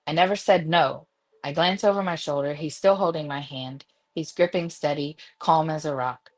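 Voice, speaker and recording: A woman's voice: sits low, moderate pace. A woman reading a romance novel aloud, giggling now and then between passages. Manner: giggly, breaks into laughter. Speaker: reader.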